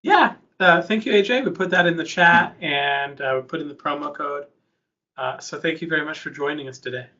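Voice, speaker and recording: A man's voice: a little high, brisk, bright, forceful tone. A man hosting a live webinar in a chatty, informal, easygoing way. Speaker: conference host. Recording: dull lo-fi webinar audio.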